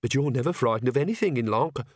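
A man's voice: medium pitch, lively intonation, rapid-fire, no echo, clean studio sound, natural voice. A man doing a flustered young witch woman. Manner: hesitant, flustered.

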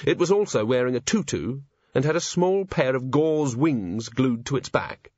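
A man reading an audiobook in scripted narration, measured and even. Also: mid-range voice, dry recording, lo-fi sound.

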